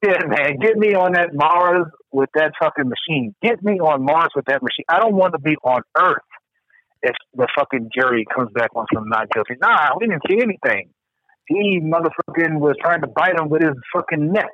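A man talks in a casual podcast chat, heated and profane as he rants. His voice sits fairly high. The sound is dry and a little dull, with a lo-fi edge. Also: moderate pace, no room sound.

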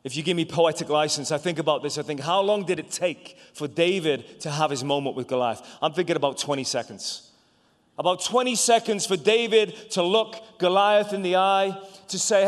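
A man preaching a sermon as an evangelist, animated and stammering through restarts, swinging between loud bursts and hushed asides. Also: on the high side, brisk. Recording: long hall reverb.

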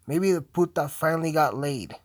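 A young man who is high, rambling through casual commentary while swearing and joking constantly. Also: moderate pace, no room sound, studio quality. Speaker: video host.

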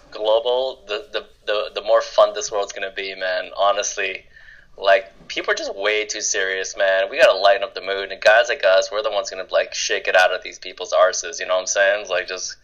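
A man's voice: fairly low pitch, fairly bright tone. Upbeat male podcast guest, lo-fi sound. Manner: upbeat, slangy, fond of "man" and "dude". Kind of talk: casual podcast interview chat.

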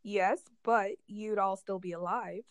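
A woman's voice: mid-range voice, steady tone, measured pace, no echo. A woman in casual conversation, rambling and chatty and laughing often. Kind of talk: casual chat.

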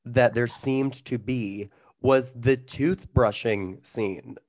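A man's voice: medium pitch, slow, a little mellow. A man from Georgia in the US, hosting a podcast with friends in casual chat, with playful, theatrical asides. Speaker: podcast host.

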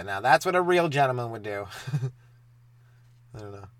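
A young man hosting a solo stand-up comedy podcast, talking in a loose, rambling, profane way with quick asides. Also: mid-range voice, expressive, no room sound.

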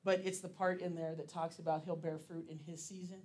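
A man's voice: on the high side, flat delivery, a little fast, a little mellow. A man giving a casual sermon as pastor, chatty and laughing often, with plenty of fillers.

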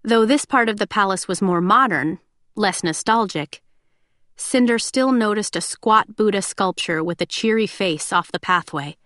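A woman narrating a science-fiction audiobook in a steady, descriptive reading style. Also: medium pitch, moderate pace, no echo, clean studio sound. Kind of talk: scripted narration.

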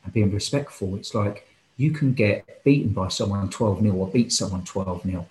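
A man's voice: lowish voice, normal speed, darkish tone. A man who coaches football and futsal, talking earnestly and with passion as a guest in a casual podcast interview, thinking aloud as he goes. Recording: roomy echo.

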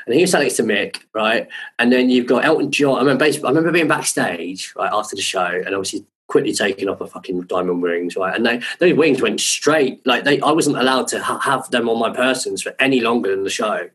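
A man's voice: medium pitch, poor audio. Chatty man telling anecdotes. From England. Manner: rambling, swears freely, lots of fillers and "right?". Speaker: podcast guest. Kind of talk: casual anecdotal storytelling.

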